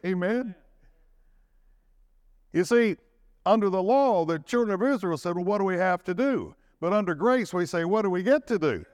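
Animated man preaching a sermon. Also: moderate pace, pauses often, no room sound, clean studio sound. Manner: dramatic swings in pitch and pace, rising to shouts of emphasis; calls for audience response.

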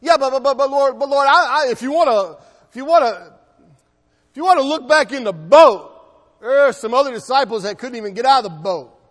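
A flustered apostle Peter stammers out his defense, as a preacher puts him on in the middle of his sermon. The voice rides high, and it rings with a long echoing reverb. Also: animated, fairly quick. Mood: protesting. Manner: stammering, protesting. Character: pleading apostle Peter, a defensive grown man.

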